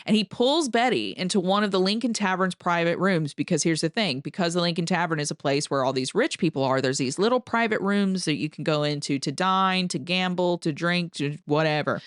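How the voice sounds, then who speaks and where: A woman podcast host tells a tale of old scandal in easy, conversational storytelling. Her voice sits slightly low and she talks loosely, full of "like" and casual swearing. The sound is dry and close, with no room around it. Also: a bit bright, no echo. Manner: chatty, frequent "like", casual swearing. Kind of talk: casual true-crime storytelling.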